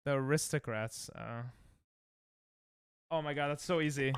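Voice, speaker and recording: A young man streaming casually, reacting excitably and thinking aloud while he plays, sounding tired. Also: fairly high pitch, unhurried, long pauses, clear, resonant tone, no room sound, studio quality. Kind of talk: casual live-stream chat while playing games.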